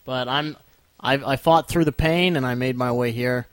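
A man's voice: mid-range voice, moderate pace, fairly bright tone, no room sound. Joking young man hosting a podcast. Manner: joking, rambling storyteller. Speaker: podcast host. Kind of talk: casual chat.

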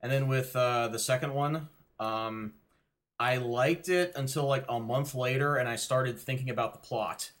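A man co-hosting a casual podcast, thoughtful but halting, often repeating words as he gathers his thoughts. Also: mid-range voice, fairly bright tone. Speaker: podcast co-host. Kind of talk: casual chat.

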